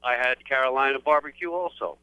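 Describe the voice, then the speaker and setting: A man's voice: mid-range voice, a little fast, bright, forceful tone, clean tone, no echo, rough recording. A man from New York, playful and laughing often in a casual live radio interview.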